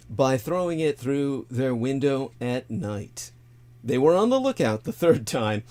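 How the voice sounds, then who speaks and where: A man's voice: mid-range voice, darkish tone. A man hosting a livestream, talking in a casual, digressive monologue full of crude jokes and asides. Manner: irreverent, jokey, crude asides; loose and digressive, many fillers. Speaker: livestream host.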